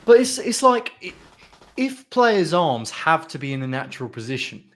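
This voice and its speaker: A man's voice: on the high side, very animated, moderate pace, fairly bright tone. A man from the UK co-hosting a casual chat podcast, talking animatedly and mimicking pundits now and then. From United Kingdom. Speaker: podcast co-host.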